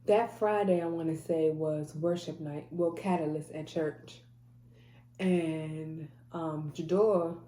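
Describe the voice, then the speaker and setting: A woman's voice: low-pitched, dark tone, roomy sound, slight background noise. A woman telling a personal faith testimony in a casual, emphatic way, repeating phrases and restarting often. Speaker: mother sharing a faith testimony.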